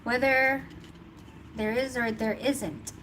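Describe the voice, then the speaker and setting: A woman's voice: fairly high pitch, steady tone, takes it slowly, fairly bright tone, poor audio. A woman giving a casual tarot reading, chatty and thinking aloud, laughing often. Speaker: tarot reader. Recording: noticeable background noise.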